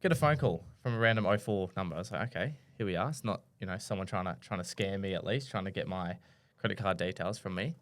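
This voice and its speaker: A man's voice: deep voice, fast talker, hardly any pauses. A young Australian man co-hosting a podcast, chatting casually and telling a rambling story with many restarts. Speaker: podcast co-host. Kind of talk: casual chat.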